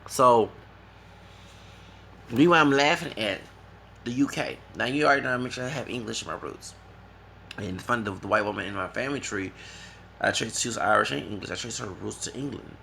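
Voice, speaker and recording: A man's voice: mid-range voice, a little fast, creaky, long pauses, a little hiss or hum. A man from the United States ranting casually on a vlog, rambling and mocking, tagging his points with a questioning "okay?". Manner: rambling, keeps asking "okay?"; mocking, animated. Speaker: vlogger. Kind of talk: casual rant to camera.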